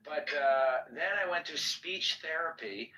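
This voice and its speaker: A man's voice: on the high side, unhurried, pushed and bright, roomy sound, far from the mic, a little hiss or hum, rough recording. A man in casual chat who talks about a slight lisp, chatty and self-conscious about his speech. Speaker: guest.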